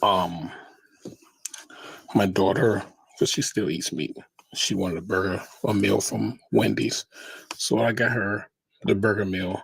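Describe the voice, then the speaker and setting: A man's voice: deep voice, animated, slow, gravelly, long pauses, slightly rough, no room sound. A man hosting a casual commentary monologue, rambling, restarting words and talking straight to his viewers. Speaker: commentary show host.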